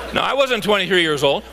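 A man's voice: high-pitched, noisy background. A middle-aged man preaching a sermon, emphatic and full of rhetorical questions to his listeners. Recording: long hall reverb.

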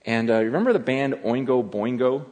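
A middle-aged man preaching a sermon as pastor, telling the story in an animated way that swings from loud to hushed. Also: mid-range voice, normal speed. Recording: long reverb of a large hall.

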